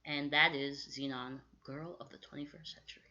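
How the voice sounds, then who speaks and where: A young woman co-hosting a podcast, recapping a movie in casual chat and acting out quick quotes, with lots of "like". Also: low-pitched. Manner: animated storytelling with quick acted-out quotes, lots of "like". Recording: dull lo-fi audio.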